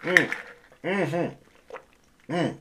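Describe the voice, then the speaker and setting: A man's voice: fairly high pitch, very slow, sharp tone, a little hiss or hum. A man hosting a solo podcast, rambling casually with crude jokes and asides to himself. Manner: rambling, jokey, crude asides, talks to himself while scrolling. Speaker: podcast host.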